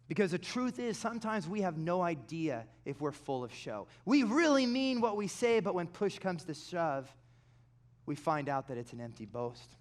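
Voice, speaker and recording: A pastor preaching a sermon, telling stories animatedly and dropping into quiet, intense passages. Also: male voice, high-pitched, expressive, normal speed.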